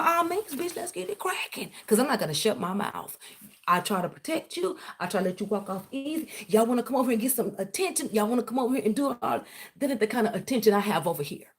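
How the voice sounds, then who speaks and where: A woman's voice: mid-range voice, a little mellow. Woman, channel host, livestream rant, blunt, swearing. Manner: confrontational, blunt, swears freely. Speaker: tarot reader and channel host. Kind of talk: heated livestream rant to viewers.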